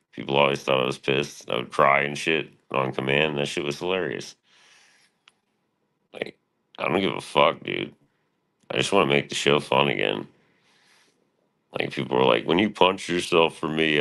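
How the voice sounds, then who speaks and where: A man's voice: a bass voice, gravelly, sharp tone, clean tone. A man streaming live, rambling casually and profanely about his past and his show, often quoting himself.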